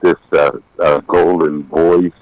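A man in his sixties speaks by phone, his voice extremely low and golden. His speech is halting, full of pauses and fillers. The sound is very dry and close. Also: little pitch movement, darkish tone, dry recording, dull audio. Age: 60s. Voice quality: deep golden voice. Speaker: guest on a radio show. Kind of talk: casual interview over the phone.

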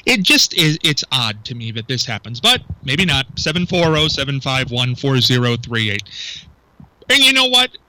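Animated, incredulous talk radio host. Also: male voice, mid-range voice, normal speed, a little hiss or hum, poor audio. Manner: animated, incredulous, rhetorical questions. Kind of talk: local talk radio banter. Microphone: studio microphone.

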